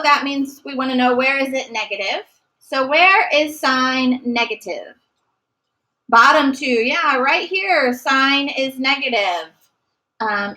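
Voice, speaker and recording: Woman math teacher, high bright voice, asks and answers her own questions. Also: low-quality recording. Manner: asks questions and answers them herself, praising. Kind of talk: recorded classroom math lesson.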